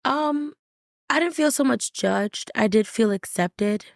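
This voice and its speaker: A woman's voice: fairly high pitch, takes it slowly, creaky, no room sound, clean studio sound. A woman guest on a podcast, talking candidly and reflectively in short, restarting phrases. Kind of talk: candid conversational interview.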